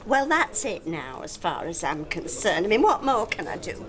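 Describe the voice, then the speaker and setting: A woman's voice: on the low side, big pitch swings, moderate pace. An actress playing an indignant young mother who scolds her noisy neighbours sharply. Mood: resigned.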